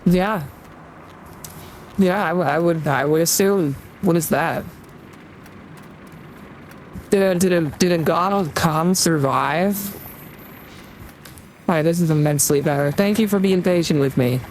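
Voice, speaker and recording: A man's voice: fairly high pitch, unhurried, long pauses, a little hiss or hum, low-quality recording. A young man streaming, chatting casually and rambling while he reads out donations, into a desktop USB mic. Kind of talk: casual livestream chat.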